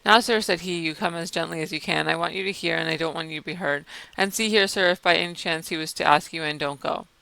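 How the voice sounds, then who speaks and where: A man's voice: on the high side, quick pace, gravelly, hardly any pauses, sharp tone, no room sound. A man voicing an anxious, deferential male butler in an audiobook reading. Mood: urgent. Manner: urgent, shaken, deferential.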